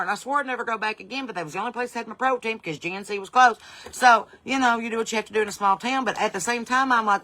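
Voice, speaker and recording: Southern woman comic host, middle-aged, bright voice, rambling and profane stories. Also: fairly high pitch, rapid-fire. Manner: brash, profane, rambling storyteller. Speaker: podcast host. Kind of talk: comedic storytelling monologue.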